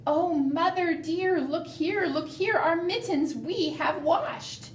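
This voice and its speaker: A woman's voice: slow pace, echoey room, slight background noise. A woman doing little pleading kittens. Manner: high mewing plaintive voice.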